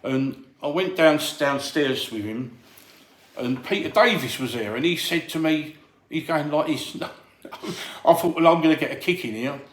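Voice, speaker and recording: A man with a somewhat high voice tells a story from his doorman days, slipping into the voices of the people he quotes. His telling is lively and animated. The sound is roomy and echoey. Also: a little slow. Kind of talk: casual anecdote telling. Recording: echoey room.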